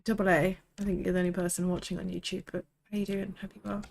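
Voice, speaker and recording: A woman's voice: on the low side, flat delivery, quick pace, vocal fry, darkish tone, low-quality recording. A young woman, chatting casually and rambling while live-streaming a game, swearing freely.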